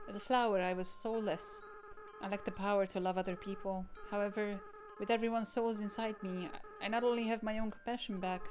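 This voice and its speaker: A woman softly putting on a gentle, remorseful young goat monster boy from a game, halting and earnest, with game music playing clearly beneath the voice at a middling pitch. He speaks in a quiet, tender way. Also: lightly acted. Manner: soft, earnest, halting reading. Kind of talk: game dialogue read aloud.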